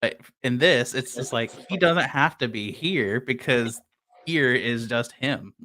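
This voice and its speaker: Male podcast co-host, mid-pitched, bright voice, casual hedging talk. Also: measured pace. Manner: hedging, loose, with lots of filler words. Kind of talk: casual movie-review chat.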